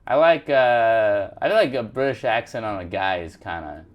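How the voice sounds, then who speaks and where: A man's voice: lowish voice, animated, normal speed, dull audio. A man hosting a talk show, chatting casually and jokingly in a rambling way. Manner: rambling, playful, full of fillers.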